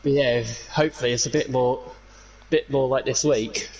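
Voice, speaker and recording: A man's voice: medium pitch, normal speed, low-quality recording. A breathless man answers questions after winning a race. His voice is mid-range, with faint noise behind it. He trips over his words and doubles them up. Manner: excitable, repeats words. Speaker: winning racing driver interviewed.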